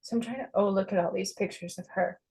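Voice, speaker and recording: A woman's voice: mid-range voice, steady tone, fast talker, vocal fry, a little mellow, breathy edge, poor audio. A woman describing herself as a psychic medium, talking earnestly to camera and often checking in with "okay?". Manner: emphatic, repeats key phrases. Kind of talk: earnest spoken monologue to camera.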